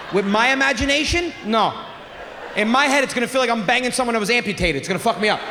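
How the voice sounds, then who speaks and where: A man in his forties doing a crude, animated stand-up comedy set on a theater stage, with shouted punchlines. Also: extremely high pitch, quick pace, noisy background. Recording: live theater recording with long reverb.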